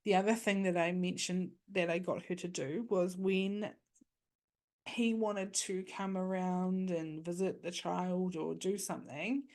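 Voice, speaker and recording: Woman podcast host, lowish pitch, coaching and conversational. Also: a little mellow. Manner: chatty, coaching, frequent "okay?". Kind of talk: casual advice talk.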